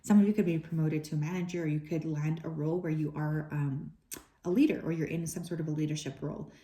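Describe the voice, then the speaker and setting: A woman with a low, warm voice talks through a tarot reading for her viewers. She is relaxed and conversational, drifting into asides and filling pauses as she goes. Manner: relaxed and chatty, with frequent fillers and soft asides. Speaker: tarot reader.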